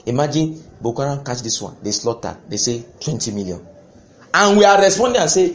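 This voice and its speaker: A man's voice: medium pitch, big pitch swings, fast talker. Impassioned preacher man. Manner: impassioned, with sudden loud bursts and laughter. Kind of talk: sermon.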